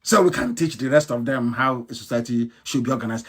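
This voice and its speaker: A man giving an impassioned live broadcast speech, ranting with scorn, firing rhetorical questions and breaking into shouts. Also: medium pitch, fairly quick, slightly rough. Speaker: political activist broadcaster.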